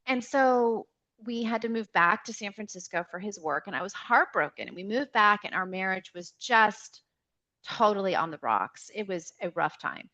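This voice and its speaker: A woman, a podcast guest, telling a personal story in an animated, emotional way, often restarting her sentences. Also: mid-range voice, normal speed. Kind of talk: personal storytelling in a conversational interview.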